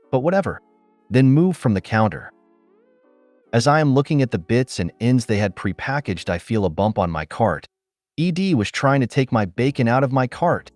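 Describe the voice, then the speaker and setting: Man, reddit story narrator, lively delivery, dry close recording, soft music behind. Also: on the low side, no room sound. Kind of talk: reading reddit stories aloud.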